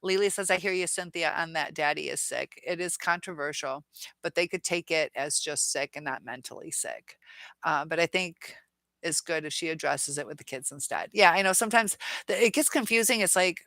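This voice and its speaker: A woman's voice: fairly low pitch, a bit bright, no echo. A middle-aged woman hosting a live chat, reading viewer comments aloud, laughing often and chatting casually.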